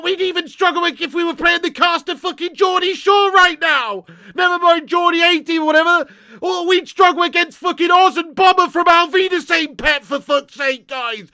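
Sweary high-pitched football fan ranting. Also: male voice, no echo. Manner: angry, sweary, loud ranting. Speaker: football fan livestream host. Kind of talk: ranting live match watch-along.

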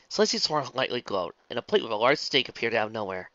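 A man narrating a fan-written story in a plain, steady reading with small slips. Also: mid-range voice, quick pace, few pauses, no echo. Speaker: fan fiction reader. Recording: dull lo-fi, dry.

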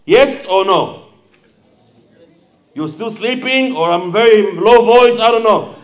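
Impassioned high-voiced male preacher. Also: slow. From Sydney. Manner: impassioned, calls out to the crowd and acts out a story. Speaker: fundraising preacher. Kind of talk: sermon and fundraising appeal.

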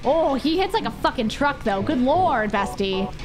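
A woman streaming a horror game, giving casual commentary, excitable and swearing often as she cheers her character on. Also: high-pitched, moderate pace. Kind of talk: casual let's-play commentary. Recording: game music playing behind.

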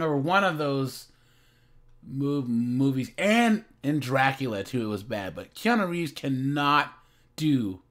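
Man, casual reaction commentary, slow rambling delivery, lively pitch. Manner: rambling, slow, calls viewers "guys" and "man".

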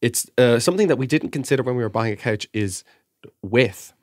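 A man's voice: medium pitch, lively intonation, fairly quick, no room sound, studio quality. A young Irish man, co-host of a podcast, telling a rambling, self-mocking story in casual chat.

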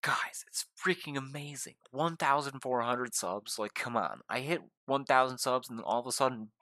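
Excitable young man gaming on stream. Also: medium pitch, normal speed, no room sound, studio quality. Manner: excitable, gushing, talks to viewers. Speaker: gaming YouTuber. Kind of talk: casual gameplay commentary.

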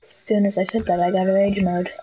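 A woman with a medium-pitched, dark, level voice talks fast while streaming a game live, playfully teasing other players. Game music plays behind her, and the recording is rough.

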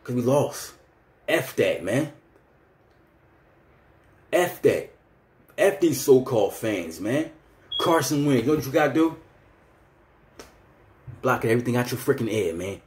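Man, 30s, heated fan rant, street slang, middle pitch, echoey room. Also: expressive, measured pace, pauses often, a little mellow. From Philadelphia. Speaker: vlogger.

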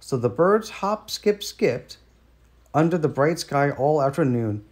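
A man's voice: a little high, expressive, unhurried. American man reading a children's story. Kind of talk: children's storybook read-aloud.

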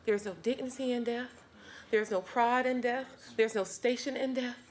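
A woman's voice: a little high, fairly even intonation, moderate pace, slight background noise. A woman giving an earnest, heartfelt church testimony, speaking straight to the congregation.

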